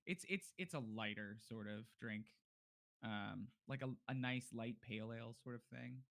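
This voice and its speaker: A man narrating a tabletop role-playing game as game master, in a relaxed way with many fillers. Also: medium pitch, normal speed, vocal fry.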